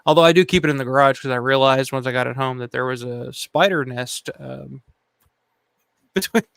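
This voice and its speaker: A man's voice: mid-range voice, normal speed, vocal fry, a bit bright, smooth, dry recording. A man hosting a casual chat show, telling a story in a loose, swearing way, laughing often and acting out what people said. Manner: swears freely, laughs often, acts out quotes. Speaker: channel host.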